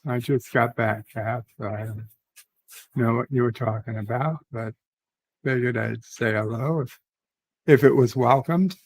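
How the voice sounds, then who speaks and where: Gravelly man, slow and easygoing, rambling chat. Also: medium pitch, steady tone, darkish tone, low-quality recording. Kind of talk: casual chat.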